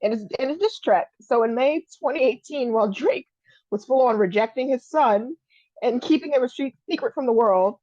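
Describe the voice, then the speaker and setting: A sarcastic woman co-host recounting gossip in casual podcast chat, her voice sitting fairly high. The recording is dry and a little dull, as if the top end has been shaved off. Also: animated, moderate pace, mellow, no echo. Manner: sarcastic, storytelling with blunt cursing.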